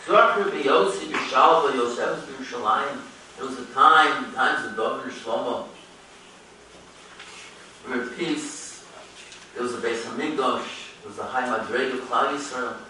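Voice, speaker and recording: A man lectures as a rabbi, his voice rising and falling as he chants quoted verses. His tone is bright and forward. He sounds distant from the mic, in a big echoing hall with a faint hum behind him. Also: moderate pace, long pauses. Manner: rises and falls in pitch, chanting Hebrew quotes. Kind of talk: Torah lecture.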